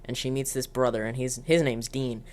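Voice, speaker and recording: A woman's voice: rumbling low, steady tone, a little fast, darkish tone, a little hiss or hum. A woman casually recapping television episodes in a chatty, filler-heavy way with giggly asides. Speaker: show reviewer.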